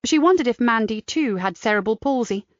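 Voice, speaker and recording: A woman narrating a crime audiobook in a measured, descriptive manner. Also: fairly high pitch, lively intonation, dry recording. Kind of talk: scripted narration. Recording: dry, slightly dull studio sound.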